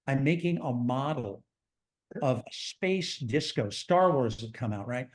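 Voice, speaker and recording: A man's voice: medium pitch, measured pace. A man in his sixties, a theme park designer telling stories from his life in an interview, acting out the voices of people he quotes. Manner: animated, acts out quoted dialogue in his telling. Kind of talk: storytelling in conversation.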